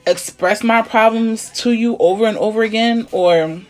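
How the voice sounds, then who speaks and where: A woman in casual chat, talking bluntly and emphatically, often swearing, sometimes dropping to a low, quiet tone. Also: normal speed. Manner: blunt, profane, emphatic venting; drops to a low, quiet tone to make a point. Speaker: conversation partner.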